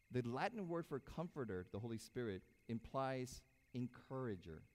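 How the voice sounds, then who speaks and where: Male pastor, mid-pitched, animated sermon delivery, reverberant sanctuary sound. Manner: animated preaching, swings loud and soft, acts out quotes. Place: church sanctuary. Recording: hall reverb.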